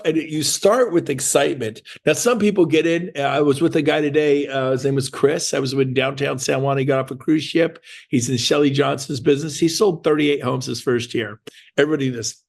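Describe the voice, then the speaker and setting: A man coaches a room of salespeople with high energy, often slipping into quick impressions of others. His voice sits a touch high, with a gravelly edge. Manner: energetic, acts out agents' voices in quick asides. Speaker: real estate sales trainer. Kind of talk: motivational talk to an audience.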